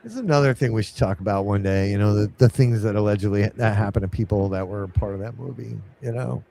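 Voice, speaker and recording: Low, mellow-voiced man telling rambling stories. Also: quick pace, creaky. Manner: rambling anecdotes with many fillers. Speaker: co-host of a paranormal trivia show. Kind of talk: casual live-stream chat, storytelling.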